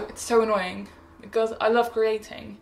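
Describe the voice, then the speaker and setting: A woman's voice: on the high side, level tone, a little slow, gravelly, darkish tone, roomy sound. A teenage girl chatting casually in a rambling, bubbly update vlog, often laughing and correcting herself. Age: teens. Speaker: vlogger.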